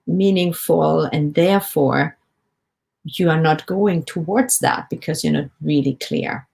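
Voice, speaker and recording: A woman with a notably low, deep voice talks straight to her listeners in a podcast. Her manner is gentle and encouraging, and she keeps putting questions to them as she coaches. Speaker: podcast host, life coach. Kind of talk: reflective solo podcast talk.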